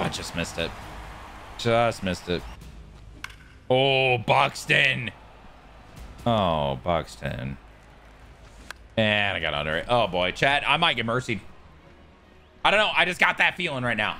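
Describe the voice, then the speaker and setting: A man giving excitable live commentary on his own gameplay, swearing freely and yelling at big plays. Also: mid-range voice. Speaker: gaming YouTuber.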